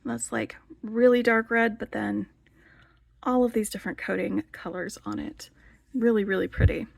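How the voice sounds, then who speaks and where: A chatty, enthusiastic woman hosts a casual show-and-tell vlog, her fairly high voice carrying a gravelly fry. She leans on filler words as she talks. The sound is dry and close, with little room around it. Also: steady tone, moderate pace, no room sound. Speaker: beading channel host.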